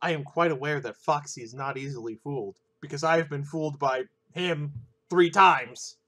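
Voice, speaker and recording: A man's voice: a little high, normal speed. A man voicing a feisty, sarcastic anime schoolgirl in a comedic voiced let's play, bossy with laughing asides. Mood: annoyed. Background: loud game music.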